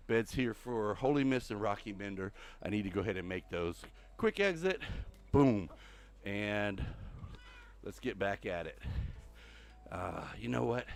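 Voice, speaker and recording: This older host keeps a casual Minecraft stream going while on a treadmill, panting a bit and musing aloud to his audience as he rambles. His voice is lowish, with no echo.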